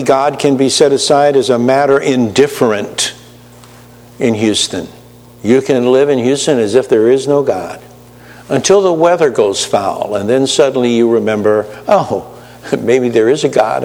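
A man's voice: medium pitch, a little mellow, in a large hall. A man preaching a sermon to his congregation, chatty, with teasing asides to the pews. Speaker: pastor.

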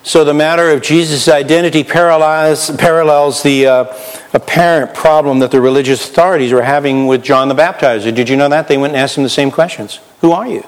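Animated pastor preaching in a reverberant hall. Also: male voice, a little high, brisk. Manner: animated, swings between loud and hushed, acts out voices. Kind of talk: sermon.

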